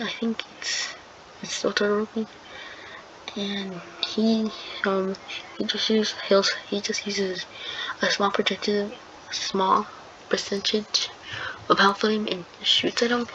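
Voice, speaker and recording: A woman improvising a fan-fiction story, rambling and hesitant with many fillers and restarts. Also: mid-range voice. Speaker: channel host telling a fan story. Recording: dull lo-fi sound with clear background noise.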